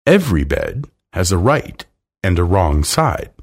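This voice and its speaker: A man voicing a brisk, firm nanny in a storybook reading. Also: low-pitched, very animated, exaggerated voice. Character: prim, firm nanny Mary Poppins.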